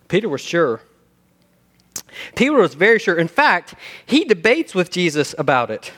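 A male pastor preaching a sermon, animated, acting out the quoted lines with sudden shifts between loud and soft. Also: high voice, moderate pace. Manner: animated, acts out quotes, sings hymn lines.

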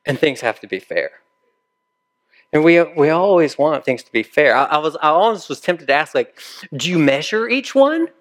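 A man's voice: on the high side, expressive, moderate pace, a bit bright. A male pastor preaching a sermon in a conversational way, often putting questions to his listeners.

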